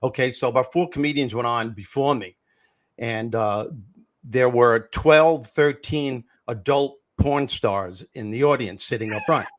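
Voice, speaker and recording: An older man recounts his stand-up days with animated energy, slipping into the voices of the people in his stories. He talks at a middle pitch in a conversational interview. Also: unhurried. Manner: animated anecdotes, acts out quoted voices. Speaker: comedian and former teacher. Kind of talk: storytelling in a podcast interview.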